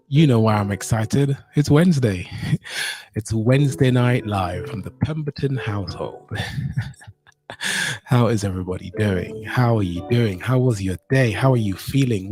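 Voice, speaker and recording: A man's voice: medium pitch, darkish tone. A man hosting a casual livestream from his home, upbeat and chatty, greeting his viewers over and over, recorded on a phone. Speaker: livestream host.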